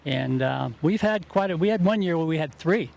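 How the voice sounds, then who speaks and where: Easygoing New Jersey man, fairly high voice. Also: expressive, moderate pace, creaky, a little mellow. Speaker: guest, golf tournament organizer. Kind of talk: casual interview chat. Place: outdoors at a golf event.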